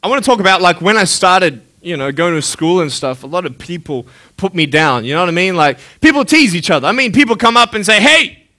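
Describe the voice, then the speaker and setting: A man's voice: high-pitched, expressive, fast talker, few pauses, sharp tone. A young man giving a live motivational talk to an audience, joking playfully and then turning earnest and searching. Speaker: motivational speaker.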